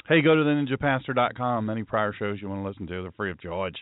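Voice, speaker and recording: A man's voice: fairly low pitch, fairly even intonation, quick pace, no echo. A man from the US East Coast, a pastor hosting his own talk show, joking sarcastically and slipping into mock-serious asides, his throat tired and sore. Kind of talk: solo talk-radio monologue. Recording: dry, phone-like narrow sound.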